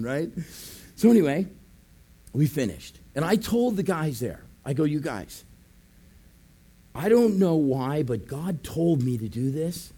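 A man's voice: a little high, animated, slow, dark tone, slightly rough. A man preaching as a pastor, telling a story animatedly, acting out voices, laughing and calling out "amen". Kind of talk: sermon storytelling.

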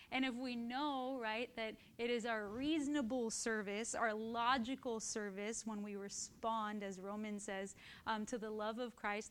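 A woman teaching from the Bible in a conversational way, often checking in with "right?" and getting lively and laughing as she tells stories. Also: mid-range voice, clean tone. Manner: animated and laughing while telling stories.

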